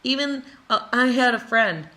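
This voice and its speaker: Bright-voiced, emphatic woman from Wisconsin. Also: a little high, lively intonation, normal speed. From Wisconsin, USA. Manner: emphatic, repeats phrases in lists, playful asides. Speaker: creative coach. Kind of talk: motivational talk to camera.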